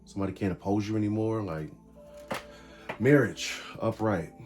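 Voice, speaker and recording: Low-voiced man reading tarot cards. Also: moderate pace, soft background music. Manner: talks through cards in short bursts, animated and emphatic. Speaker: tarot reader.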